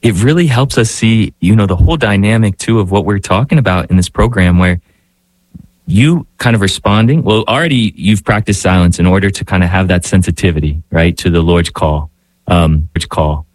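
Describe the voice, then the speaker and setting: A man's voice: deep voice, moderate pace, no echo. A man, a priest and spiritual director, speaking thoughtfully on a radio talk show and often searching for words. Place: radio studio.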